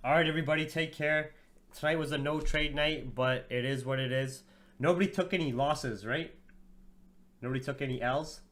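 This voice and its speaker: A man's voice: fairly high pitch, moderate pace, fairly bright tone. Tired, slangy man hosting a trading stream. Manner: profane, slangy, chats with viewers as "bro". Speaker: trading livestream host. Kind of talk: casual livestream market commentary.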